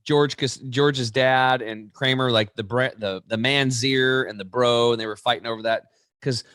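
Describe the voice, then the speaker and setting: Animated man telling stories with voices. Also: medium pitch, moderate pace, no room sound, clean studio sound. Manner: animated storyteller, acts out quoted voices, many restarts. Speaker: guest. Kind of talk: interview, explaining.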